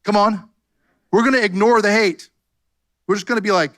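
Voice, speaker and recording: A man's voice: sits high, steady tone, moderate pace, long pauses, fairly bright tone. A man pastor preaching a fervent sermon, calling out "come on" and "amen" to his congregation. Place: church sanctuary.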